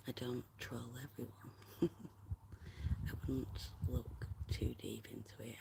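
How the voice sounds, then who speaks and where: Soft half-whispering livestream host. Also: mid-range voice, steady tone, a little slow, creaky. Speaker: livestream host reading chat. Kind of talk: casual chat with viewers.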